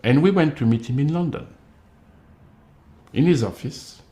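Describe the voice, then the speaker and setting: A man's voice: on the high side, normal speed, dark tone, roomy sound. Emphatic man with a tinged delivery. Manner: emphatic, accusatory, acts out others' replies. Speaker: commentator. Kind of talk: direct-to-camera monologue.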